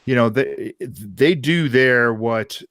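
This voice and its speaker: A man's voice: mid-range voice, takes it slowly, fairly bright tone, no echo, studio quality. A man co-hosting a casual panel show, emphatic and blunt, swearing when annoyed. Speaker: podcast co-host.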